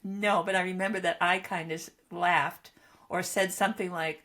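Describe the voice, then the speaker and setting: A woman's voice: lowish voice, steady tone, normal speed, a bit bright. A woman in her seventies telling her own stories in a casual podcast chat, wry and self-mocking. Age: 70s. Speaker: podcast co-host, mother.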